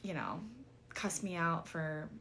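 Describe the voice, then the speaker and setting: A woman's voice: low-pitched, expressive, slow pace, vocal fry, pushed and bright, a little hiss or hum. A woman vlogger telling a dating story in a chatty, exasperated way, full of "like" and casual swearing.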